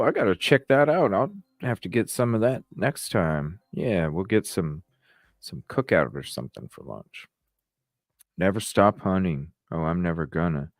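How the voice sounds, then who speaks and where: A man with a very low voice hosts a late-night podcast, sounding tired and yawning as he chats loosely with his viewers. He swears freely and reacts to their comments as they come in. The sound is dry and close, with faint music underneath. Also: no echo. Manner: casual, swears freely, reads and answers chat. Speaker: podcast host.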